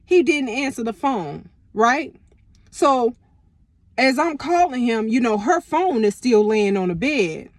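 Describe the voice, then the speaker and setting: Animated, profane woman telling a story. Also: fairly high pitch, slow pace, dry recording, clean studio sound. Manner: animated, profane, lots of slang. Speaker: storytime vlogger. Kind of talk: casual storytelling.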